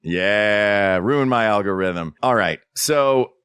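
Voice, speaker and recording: A man with a lowish voice co-hosts a comedy podcast in a dry, deadpan manner. His voice is recorded close, with no room sound. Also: slow, clear, resonant tone, no room sound. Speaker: podcast co-host. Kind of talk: improvised comedy chat.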